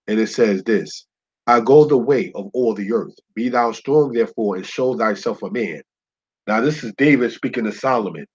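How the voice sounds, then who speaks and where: A man teaching a Bible lesson in a preacherly way, often checking with his listeners and slowing down to spell out Hebrew words. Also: on the low side, husky. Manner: preacherly, keeps asking "You understand?". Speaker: Torah teacher. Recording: muffled lo-fi recording.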